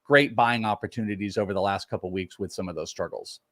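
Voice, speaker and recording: A man's voice: on the low side, quick pace, fairly bright tone, dry recording. A man co-hosting a live fantasy baseball show, leaning hard on key numbers as he reads out prospect stats. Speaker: co-host, prospect analyst.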